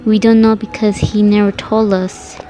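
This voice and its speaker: A man's voice: sits high, little pitch movement, moderate pace, mellow, slight background noise, natural voice. A woman voicing a worried, middle-aged cartoon asparagus father who fires off anxious questions.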